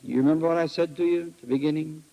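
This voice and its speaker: A man preaching at a retreat, telling folksy stories with animated swings between loud exclamations and quiet asides. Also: a little high, rapid-fire, gravelly. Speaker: retreat speaker. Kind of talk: folksy sermon with storytelling. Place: retreat hall. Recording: archival 1968 recording in a hall with long reverb.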